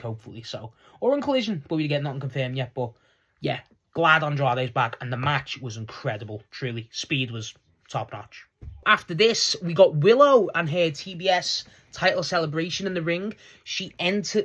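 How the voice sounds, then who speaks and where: Excitable young man recapping wrestling. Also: on the high side, moderate pace. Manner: excitable, laughs often, rambling restarts. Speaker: wrestling show reviewer. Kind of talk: casual recap vlog.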